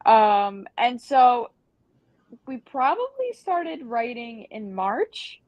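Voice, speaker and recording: A woman talking as a guest on a podcast about her band, chatty and full of ums and likes. Her voice sits fairly high. It is recorded close and dry, with no room around it. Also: very animated, extremely slow, dry recording, lo-fi sound. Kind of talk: casual podcast interview.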